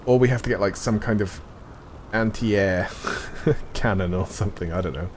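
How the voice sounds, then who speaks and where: A man's voice: lowish voice, moderate pace, a little mellow, a little hiss or hum. A man streaming a game live, chatting casually in a rambling, self-correcting way into a streaming mic.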